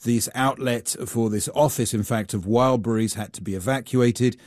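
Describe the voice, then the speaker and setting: A man, a global affairs reporter, explaining events in a measured, explanatory way during a news interview. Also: medium pitch, a little mellow, dry recording, clean studio sound.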